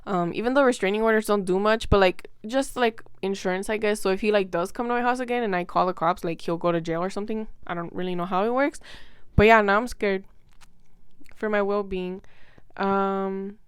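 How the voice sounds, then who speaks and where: A woman's voice: medium pitch, a little fast, clear, resonant tone, dry recording, clean studio sound. Rambling young woman telling a storytime. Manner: rambling, lots of "like" and restarts, emotional. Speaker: vlogger. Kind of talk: casual storytime chat.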